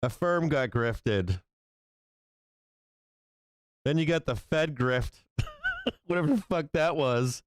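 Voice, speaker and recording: A man's voice: mid-range voice, expressive, slow, long pauses, dry recording. Profane, incredulous livestream market host, man. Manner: profane, incredulous, laughing often. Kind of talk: live market commentary.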